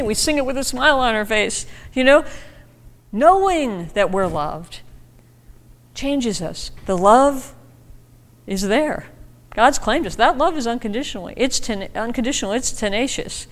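A woman giving a conversational, animated sermon as a guest preacher, her voice often climbing high for emphasis. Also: normal speed. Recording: long reverb of a large hall.

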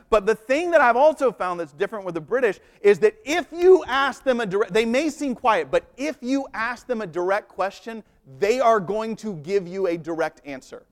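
A man's voice: high voice, fairly bright tone. A man, likely in his thirties, preaching a Sunday sermon and telling stories with humor and shifting emphasis. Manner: storytelling with humor and varied emphasis. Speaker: pastor.

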